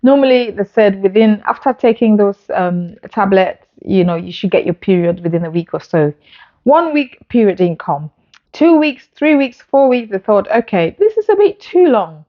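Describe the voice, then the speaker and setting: A woman speaks straight to camera in a mid-pitched voice, telling her own story earnestly and with feeling. The sound is a little dull, as from a phone recording. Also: moderate pace. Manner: earnest, emotional retelling with acted-out dialogue. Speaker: vlogger.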